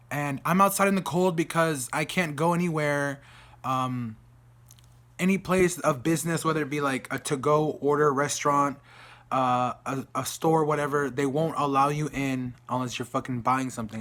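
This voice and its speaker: A man from Texas with a Texan accent, telling a story in a casual vlog rant, exasperated and animated as he acts out the other people in it. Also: medium pitch, normal speed. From Dallas, Texas. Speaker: vlogger.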